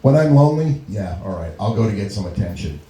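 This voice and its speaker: A middle-aged man performs stand-up in a small club, his voice mellow and swinging widely in pitch as he laughs through his stories. The room carries a noticeable echo around him. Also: sing-song, fast talker, slight background noise. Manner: storytelling with frequent laughs and acted-out quotes. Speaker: stand-up comedian. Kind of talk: stand-up comedy set. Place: small comedy venue. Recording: echoey room recording.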